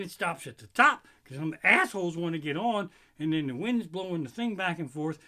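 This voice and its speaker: Casting: middle-aged male comic, slightly high voice, crude rambling delivery. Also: fairly quick, hardly any pauses. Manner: profane, rambling, animated storytelling. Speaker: stand-up comedian. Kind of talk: solo live-streamed stand-up.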